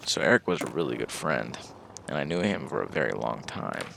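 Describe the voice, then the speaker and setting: A man's voice: extremely low pitch, expressive, fairly quick, creaky, noisy background. A young man telling a casual story about his own life, rambling along with fillers and swearing.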